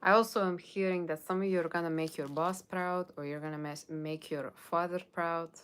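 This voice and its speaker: A tarot reader with a lowish, clear, resonant voice that's a bit bright speaks at normal speed in a steady tone. In her live reading she rambles chattily, reads viewer comments aloud, and answers them in a playful put-on Halloween voice, with frequent "okay?" and "like".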